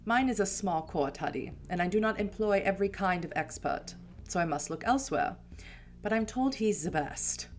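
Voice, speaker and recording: A woman's voice: mid-range voice, expressive, soft background music, natural voice. Woman reading as a stern elder vampire prince. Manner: formal, measured, threatening.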